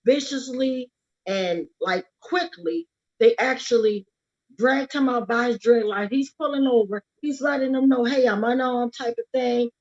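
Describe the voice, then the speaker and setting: At a livestreamed rally, an activist speaks about her brother's death in a somewhat high, darkish voice, a little slowly. She is urgent and emphatic, repeating key words for force, and the livestream audio is lo-fi.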